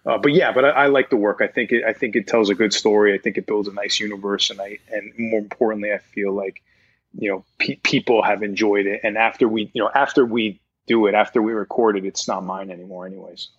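A man's voice: lowish voice, steady tone, fast, slightly rough. A man, a voice actor guest chatting casually and rambling in an interview, laughing easily. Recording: dull lo-fi sound.

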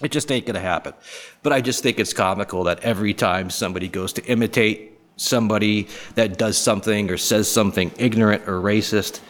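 A man from the area hosting a podcast, rambling through crude, jokey topics with quick mocking voices. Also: lowish voice. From Boston area, US. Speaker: podcast host. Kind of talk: casual monologue.

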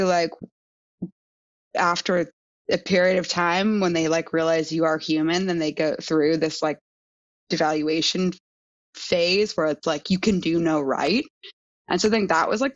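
Young woman just chatting, lots of "like"s, lowish voice, kinda muffled and dry. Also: no room sound. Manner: chatty, frequent "like" fillers. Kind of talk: casual chat. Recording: dull, dry sound.

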